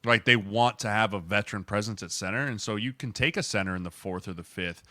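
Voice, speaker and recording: A man, a former lineman co-hosting a podcast, telling stories and explaining in a lively casual way, often adding "like" and "right". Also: on the low side, dry recording. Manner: animated storyteller, fast explainer with many "like" and "right". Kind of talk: casual chat.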